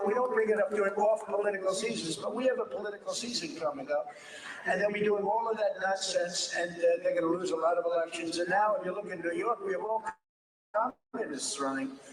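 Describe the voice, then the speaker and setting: An older man giving an off-the-cuff political speech, rambling and repeating himself as he digresses. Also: sits high. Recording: distant echoey room with background noise.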